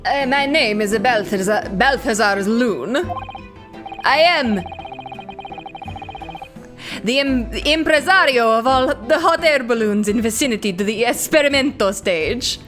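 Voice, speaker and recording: A woman voicing a boastful middle-aged Italian male balloon impresario in a halting, hammy put-on accent. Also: fairly high pitch, music in the background, natural voice.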